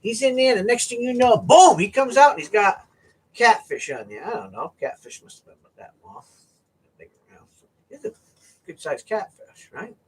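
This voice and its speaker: A man from the US East Coast spins a casual anecdote, his husky voice swinging up high and jumping all over. He keeps checking in with "right?" as he goes. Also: moderate pace. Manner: animated, keeps asking "right?". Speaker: storyteller.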